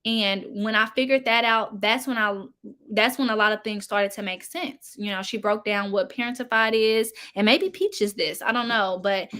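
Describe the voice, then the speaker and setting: A young woman talks straight to her viewers in a casual, chatty way. Her voice sits in a middle pitch, and she speaks frankly as she comments. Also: normal speed, a bit bright. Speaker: commentary YouTuber.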